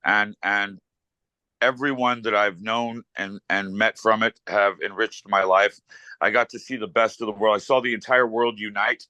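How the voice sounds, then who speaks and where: A man's voice: on the low side, fairly even intonation, normal speed, bright, forceful tone, no echo, rough recording. A middle-aged man, a rock musician as interview guest, speaking earnestly and reflectively in long thoughtful sentences. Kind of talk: interview conversation.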